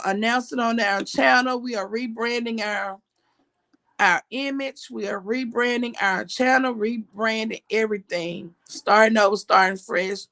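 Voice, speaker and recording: A hoarse woman hosts a casual talk show, her morning voice gravelly and a touch high. She chats in an animated way, reads comments aloud and moves from announcements to viewer replies. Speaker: podcast host.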